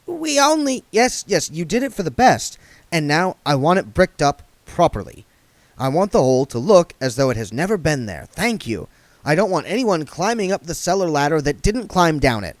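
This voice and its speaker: A man's voice: fairly high pitch, big pitch swings, normal speed, no echo, pitched above the performer's own voice. A man doing an earnest young reporter. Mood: firm. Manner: earnest, pointed questions.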